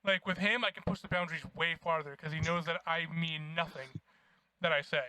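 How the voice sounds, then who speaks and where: Young guy podcast cohost, high bright voice, cussing thru a funny story, dry sound. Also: a little fast, smooth, no echo. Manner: profane, animated storyteller. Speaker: podcast co-host. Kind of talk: casual storytelling chat.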